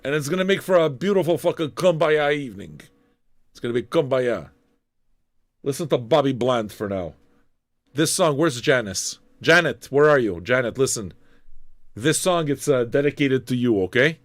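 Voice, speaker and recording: A man's voice: mid-range voice, animated, normal speed, dry recording. Profane rambling man DJ, dry sound. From Canada. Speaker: radio DJ. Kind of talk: casual DJ chat.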